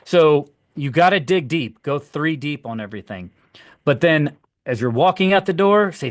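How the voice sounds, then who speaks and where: Middle-aged guy coaching agents, kinda high voice, acts out client chats, dry close sound. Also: moderate pace, no room sound. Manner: lively, acts out dialogues with clients. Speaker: real estate agent and trainer. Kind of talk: coaching session talk.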